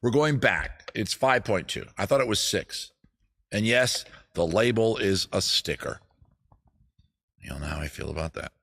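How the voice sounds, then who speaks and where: A man's voice: fairly low pitch, animated, moderate pace, gravelly, a bit bright, breathy edge. A man hosting a casual comedy stream from home, rambling loosely and swearing as he jumps between bits and asides. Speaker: comedy show host. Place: home studio. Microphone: streaming setup with cameras.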